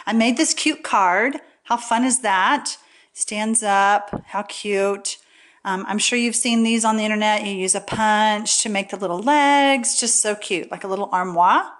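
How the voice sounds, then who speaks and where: A woman's voice: mid-range voice, measured pace, a bit bright. A woman demonstrating a paper craft in a casual, chatty tutorial, often checking in with "okay?". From Texas.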